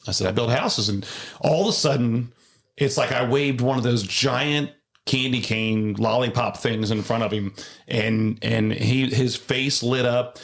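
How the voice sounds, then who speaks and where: A man's voice: mid-range voice, vocal fry. A man, a home builder hosting a casual podcast, rambling through stories with many restarts.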